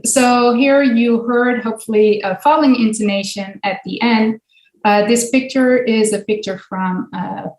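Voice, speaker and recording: Woman lecturing in an echoey room. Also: medium pitch. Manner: patient explaining, frequent ums and uhs. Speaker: linguistics professor giving a guest talk. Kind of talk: academic lecture with slides.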